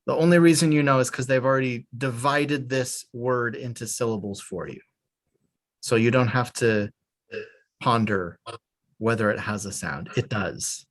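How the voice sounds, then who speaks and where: A man teaching a beginner Hebrew class, patient and a little hesitant, pausing with fillers as he explains. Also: mid-range voice.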